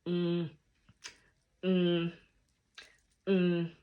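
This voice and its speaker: Brief: lower-voiced woman, flavoured, casual reaction commentary, opinionated, acts out lines big leaps. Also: completely flat delivery, extremely slow, phone-quality sound. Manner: opinionated, acts out quotes with big jumps in pitch and volume. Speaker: reality show reviewer.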